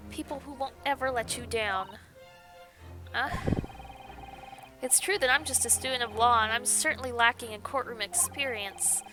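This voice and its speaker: A woman's voice: on the high side, normal speed, music in the background, close to an everyday voice. A woman voicing an earnest young male law student who speaks sincerely and reassuringly. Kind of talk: game dialogue read aloud.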